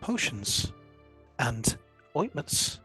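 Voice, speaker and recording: A man's voice: medium pitch, sing-song, drawn-out words, bright, forceful tone, soft background music, exaggerated voice. Jittery elegant bird lady running a potion shop, dm putting her on, voice flips female to male. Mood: curious. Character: nervous elegant female bird-folk shopkeeper.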